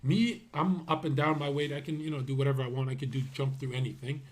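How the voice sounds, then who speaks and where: A husky-voiced young man talking loosely on a livestream. He is brash and profane and laughs through his stories. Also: medium pitch, steady tone, fast talker. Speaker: streamer and host. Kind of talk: casual livestream commentary.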